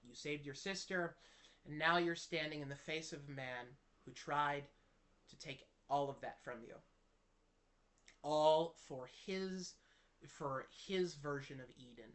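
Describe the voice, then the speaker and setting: A man's voice: a little high, a bit bright. A man telling a personal story to camera in an earnest, impassioned way, often restarting his sentences. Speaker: Christian video creator.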